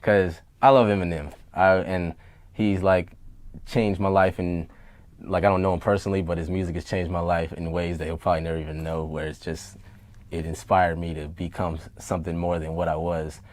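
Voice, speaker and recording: A man's voice: deep voice, level tone, fairly quick, a little mellow, no echo. A man talking as a rapper guest in an interview, blunt, profane and heated, with many fillers. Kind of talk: casual interview talk.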